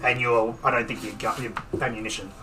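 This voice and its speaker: A man's voice: medium pitch, level tone, brisk, crowd noise. A man with a British accent narrating as dungeon master, laughing often and rambling loosely. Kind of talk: narrating a tabletop game. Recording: distant mic with background noise.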